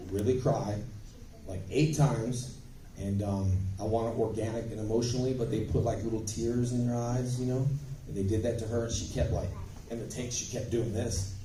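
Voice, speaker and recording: A man telling stories as a guest on a convention panel, in an animated, emphatic way with bursts of volume, recorded on a phone from the audience. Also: fairly low pitch, background noise. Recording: echoey hall, phone from far off.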